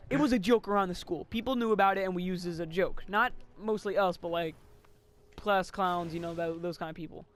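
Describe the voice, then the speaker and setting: A teenage boy tells a school story in loose, rambling chat. His voice sits high, and he giggles and curses casually as he goes. A faint hiss runs under the recording. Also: brisk, a bit bright. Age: teens.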